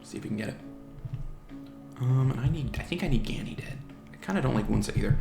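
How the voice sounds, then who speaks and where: A man with a gravelly, fry-edged voice casually narrates his own online game match. He mutters strategy, second-guesses his moves and jokes at the enemy monsters. The sound is roomy, with faint music playing behind him. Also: medium pitch, animated, quick pace, long pauses, dark tone. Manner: chatty, mutters strategy aloud, teases opponents' monsters. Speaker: gaming channel host. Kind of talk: casual live game commentary.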